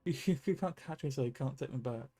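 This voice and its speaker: A man's voice: mid-range voice, fairly quick, dark tone, husky, faint music behind, close to an everyday voice. A man voicing a cheeky, impatient little village girl, reading game dialogue aloud. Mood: teasing.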